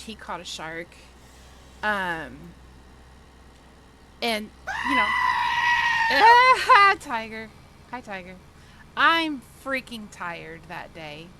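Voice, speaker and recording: Brief: female streamer, bright and slightly high voice, unhurried chatty storytelling. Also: gravelly, a little hiss or hum, rough recording. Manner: chatty storytelling, laughs often. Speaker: livestreamer. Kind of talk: casual chat while gaming.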